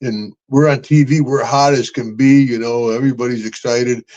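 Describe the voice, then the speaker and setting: A man's voice: medium pitch, steady tone, normal speed, darkish tone, dull audio. An older man hosting a podcast, rambling through stories with laughs and calling people brother and man. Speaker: podcast host. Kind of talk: casual storytelling chat.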